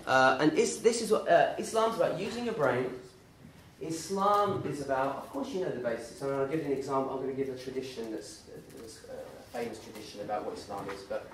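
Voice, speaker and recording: A man giving an informal, animated talk full of anecdotes and fillers, in a university lecture room. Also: medium pitch, brisk, slight background noise. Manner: animated, acts out voices in the stories, many fillers. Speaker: guest speaker at a campus talk. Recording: very echoey room, distant mic.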